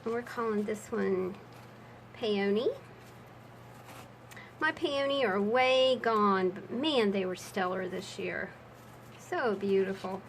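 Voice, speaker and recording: A woman's voice: medium pitch, slow pace, long pauses, a little hiss or hum, poor audio. A woman talking through her handmade journals in a casual crafting vlog, chatty and prone to rambling asides.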